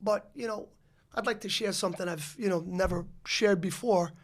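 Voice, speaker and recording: During a casual storytelling interview, this Bronx-born podcast guest spins a long, rambling tale packed with fillers and restarts. His voice sits high and he talks at a normal speed.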